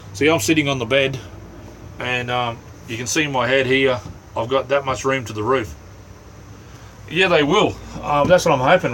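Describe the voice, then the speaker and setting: A middle-aged Australian man hosting a casual livestream from inside his small camper, rambling in a relaxed way and greeting viewers by name. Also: mid-range voice, a little hiss or hum, low-quality recording. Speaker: livestream host.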